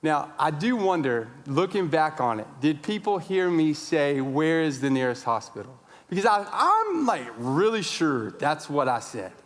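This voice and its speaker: Animated man preaching with church reverb. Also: a little high, a little slow, few pauses. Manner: animated, acts out his own shouting. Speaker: pastor. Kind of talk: sermon storytelling. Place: large church sanctuary.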